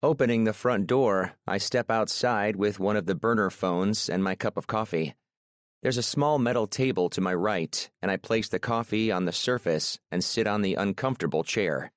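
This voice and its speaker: A man narrating a first-person romance audiobook in a calm, measured, brooding way on a close studio mic. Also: fairly low pitch, no echo.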